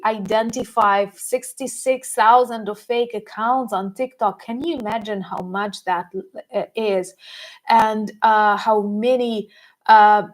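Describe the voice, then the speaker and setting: A woman's voice: medium pitch, poor audio. A woman hosting a live-stream commentary, talking with many hesitant fillers and emphatic stresses. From Ukraine. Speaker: host.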